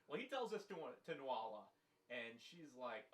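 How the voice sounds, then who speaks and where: A man's voice: mid-range voice, big pitch swings, measured pace, far from the mic. Laughing man on a roomy podcast. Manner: laughs a lot, acts out characters' lines. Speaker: podcast co-host. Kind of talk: casual comic chat.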